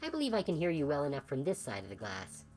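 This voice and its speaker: A woman lends her voice to a sickly, gaunt old scientist in a video game, speaking in a formal, measured and stern way. The voice sits low but swings widely in pitch, with faint music underneath. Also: wildly swooping pitch, a little mellow. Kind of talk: video game dialogue read aloud.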